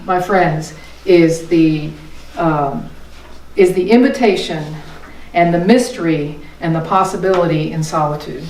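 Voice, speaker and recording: A middle-aged woman giving an earnest, emotional sermon as a minister, her voice swinging between soft and passionate. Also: on the low side, a little slow. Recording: echoey room, voice from far off.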